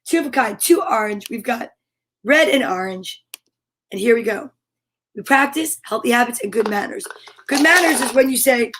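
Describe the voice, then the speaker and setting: A woman with a slightly high, somewhat bright voice speaks at a moderate pace. She hosts a children's storytime livestream, bubbly and sing-song, chatting with viewers and reading their comments aloud.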